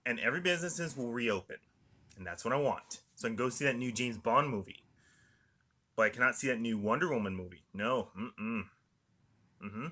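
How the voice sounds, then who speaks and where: A young man rambling through a monologue, filling the pauses with "mm-hmm" and "and also". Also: medium pitch, expressive, bright, forceful tone. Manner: repetitive, punctuated by "mm-hmm" and "and also". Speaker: video diarist.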